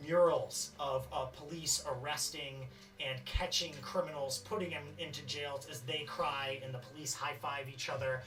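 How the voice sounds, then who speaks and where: A game master with a mid-range, slightly bright voice narrates a tabletop game scene, rambling with lots of fillers and restarts. The mic is distant, and faint music plays in the background.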